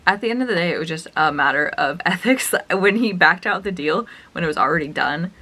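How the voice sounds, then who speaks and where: A young woman telling a storytime vlog as a reseller, chatty and animated, acting out the dialogue as she retells it. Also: fairly low pitch, a little fast. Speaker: reseller vlogger.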